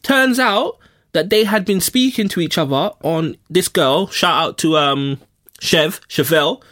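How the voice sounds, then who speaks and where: A man from North London with a London accent, co-hosting a podcast and telling a story in casual, slangy chat full of shout-outs. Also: fairly high pitch, measured pace. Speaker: podcast co-host.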